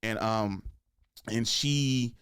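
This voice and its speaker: A man's voice: fairly low pitch, extremely slow, a bit bright, clean tone, no room sound, studio quality. A man in his thirties hosting a podcast, telling a story casually with frequent laughs and "like" and "right?" fillers. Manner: laughs often, fills with "like" and "right?". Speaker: podcast host.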